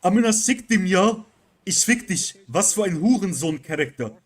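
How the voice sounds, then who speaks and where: A man's voice: sits high, expressive, moderate pace, voice pushed up. Man putting on a cursing gamer with a Turkish-German accent. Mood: cursing rant. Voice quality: loud, shouty swearing. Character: angry cursing young male online gamer.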